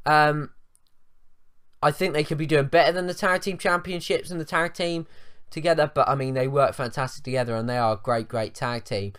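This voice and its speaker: A man's voice: on the high side, steady tone, a little fast, fairly bright tone, smooth. A young man giving a blunt, swearing rant in a video review, with lots of ums. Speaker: wrestling show reviewer.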